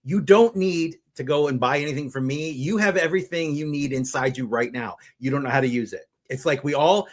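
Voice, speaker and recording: A middle-aged man, a mind power speaker, explaining his method step by step with energetic examples. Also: on the high side, a little fast, hardly any pauses. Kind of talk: conversational teaching.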